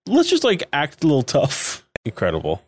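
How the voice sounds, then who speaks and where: A man's voice: a little high, wildly swooping pitch, moderate pace, slightly rough. A man co-hosting a podcast, recapping episodes in a rambling, casual way, laughing often and leaning on fillers. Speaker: podcast co-host.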